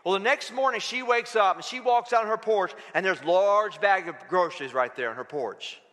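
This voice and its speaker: High-voiced, forceful preacher man. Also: brisk, big-room sound. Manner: energetic, folksy, calls for responses from the congregation. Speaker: pastor. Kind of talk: sermon.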